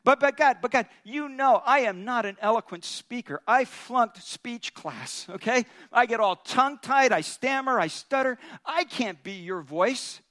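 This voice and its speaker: A man's voice: very high voice, animated, unhurried, few pauses, fairly bright tone, heavily acted. A man voicing Moses as an anxious, stammering prophet full of excuses. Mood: pleading. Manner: whiny, stammering protest.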